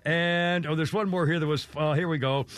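Hosting talk radio, a man with a slightly high, somewhat bright voice rants angrily at normal speed, keeping a steady tone. He uses mild swearing and frequently breaks off to start again. No room sound is present.

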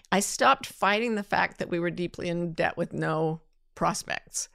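A woman's voice: fairly low pitch, moderate pace, vocal fry, a bit bright, dry recording, studio quality. A woman hosting a talk, answering listener questions in a candid, self-deprecating way. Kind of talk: reflective casual talk.

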